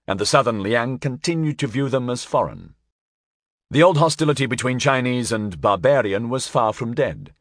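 A man narrates history in a measured storytelling voice, his pitch rising and falling with lively expression. The sound is close and dry, with no room around it. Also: dry recording. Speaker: audiobook narrator.

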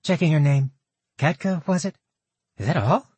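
Audiobook part: brisk, matter-of-fact guard, slightly raised, read by a man. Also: a little high, animated, a little mellow, husky, dry recording, pitched above the performer's own voice. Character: brisk rule-bound city guard.

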